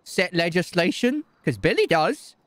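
A man's voice: high voice, very animated, measured pace, a bit bright, no room sound. A man talking brashly and crudely in rambling bursts as his character in improvised game role-play.

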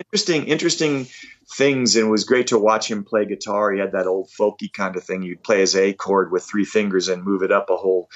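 A man in his fifties telling animated, self-deprecating stories in a casual interview. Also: fairly low pitch, brisk. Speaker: rock musician guest. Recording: dull lo-fi audio.

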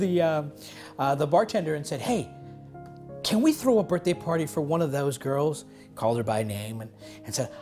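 A male pastor telling a story in a sermon, halting often with fillers and restarts. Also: a little high, darkish tone.

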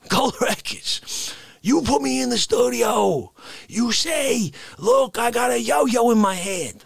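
Guy ranting in fake outrage, high gravelly voice jumping all over, husky, laughs a lot. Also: a bit bright, dry recording. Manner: mock-outraged, rambling, laughing between lines. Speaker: live-stream comedian. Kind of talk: unscripted comedic rant.

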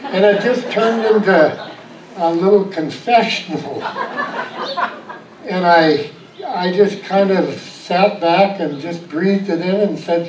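A man preaching a storytelling sermon, moving from animated anecdote to soft reflection. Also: fairly high pitch, unhurried, slight background noise. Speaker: pastor. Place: church sanctuary. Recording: echoey church room, voice from far off.

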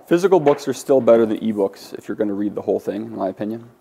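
A man's voice: on the low side, animated, quick pace, vocal fry, mellow, a little hiss or hum. A man teaching a Greek class, lecturing in a conversational way with many fillers and restarts. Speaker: Greek instructor.

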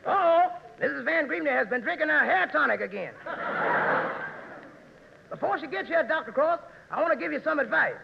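A flustered character who rushes out urgent warnings in a high, gravelly voice. The old broadcast is hissy and dull, with a long hall echo. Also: male voice, animated, exaggerated voice. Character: flustered man warning about a guest. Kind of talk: 1940s radio comedy acting.

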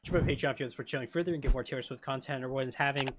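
A man's voice: mid-range voice, steady tone, racing, noisy background. A young man hosting a reaction video with a cold, talking casually and gushing with giggles. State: has a cold.

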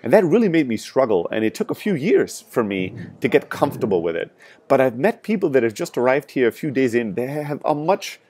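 A man's voice: mid-range voice, sing-song, brisk, a little mellow. A man with a strong European accent, a sales startup founder, giving emphatic, frank advice straight to camera with frequent "right?" asides. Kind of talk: motivational talk to camera.

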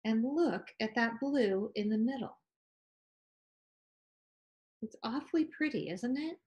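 A woman art teacher gently talking children through a painting demonstration, encouraging and sing-song. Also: on the high side, expressive, takes it slowly, lo-fi sound.

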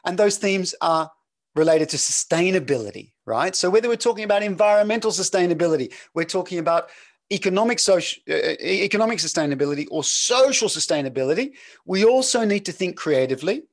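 A man's voice: sits high, quick pace. A middle-aged man with a slightly mixed Australian accent gives a chatty, joking online lecture as a professor. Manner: lively, jokey, chatty, reads chat aloud. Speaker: professor giving a webinar.

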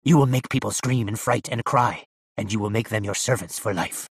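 A man playing an old evil sorcerer who speaks in a hushed, commanding, pompous way in an audiobook. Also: lowish voice, brisk, breathy edge, no room sound, clean studio sound. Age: over 60.

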